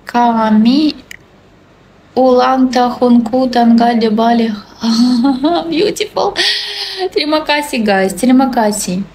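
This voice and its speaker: Speaking slowly in a fairly high, slightly mellow voice, a Belarusian-accented woman in her 20s reads livestream comments and chats cheerfully in broken English. She keeps repeating greetings and thanks. The rough recording carries a little hiss or hum.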